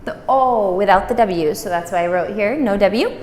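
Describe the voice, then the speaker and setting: A woman teaching a language lesson, patiently saying words slowly and repeating them for practice. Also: medium pitch, a little mellow, slight background noise. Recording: roomy echo, distant mic.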